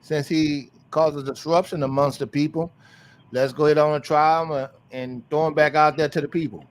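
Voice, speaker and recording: A man with a slightly high voice joins a casual debate. He pushes back calmly and keeps his points short. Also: normal speed.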